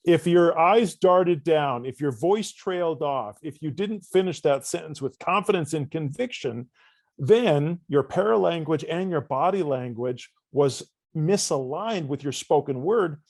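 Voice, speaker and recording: A man, a coach guest on a podcast interview, telling stories with lively, acted-out dialogue in a casual conversational way. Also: a little high, unhurried, dry recording. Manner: animated storyteller, acts out dialogue.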